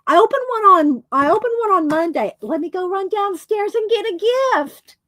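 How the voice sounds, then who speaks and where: A woman's voice: very high-pitched, expressive, moderate pace, bright, forceful tone, dry recording. A woman chatting casually on a livestream, short of breath and exclaiming as she reads viewer comments. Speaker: livestream host.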